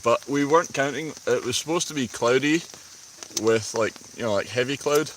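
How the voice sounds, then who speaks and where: Rain faintly drums on the tarp as a Scottish vlogger chats on a night stream in a rainy forest, his mid-range voice slightly bright and his pace moderate. He sounds a little tipsy and laughs easily. The recording is low quality.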